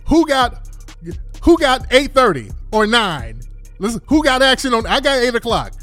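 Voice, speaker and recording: A man giving blunt, animated commentary to his livestream audience, repeating himself often. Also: extremely high pitch, moderate pace, faint music behind.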